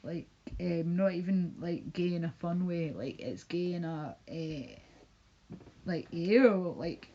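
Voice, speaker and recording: A woman's voice: lowish voice, slow, dark tone, highs cut off. A woman streaming live from home, ranting casually in a rambling, profane and mocking way. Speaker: livestreamer. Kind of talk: casual livestream rant.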